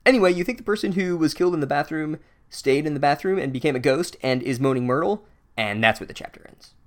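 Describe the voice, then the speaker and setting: A man's voice: fairly high pitch, animated, quick pace. A man hosting a casual comedic book recap, speaking in a sarcastic, profane, rambling way. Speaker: podcast host recapping a book.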